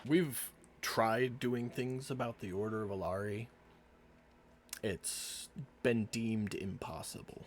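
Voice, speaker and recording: A man voicing a stern male city guard officer in a tabletop game, flat and dismissive. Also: on the low side, slow, slight background noise.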